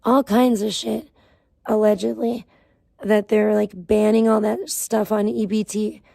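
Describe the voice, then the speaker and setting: Gravelly-voiced woman ranting on stream. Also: medium pitch, little pitch movement, a little slow, warm tone, dry recording. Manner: rambling, profane ranting. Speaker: live streamer. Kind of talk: casual livestream chat.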